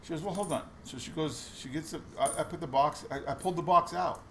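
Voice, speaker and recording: Gravelly chatty man sorting coins. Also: a little high, fast talker, a little hiss or hum. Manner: chatty storytelling with many restarts. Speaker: coin roll hunting vlogger. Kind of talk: casual chat while searching coins.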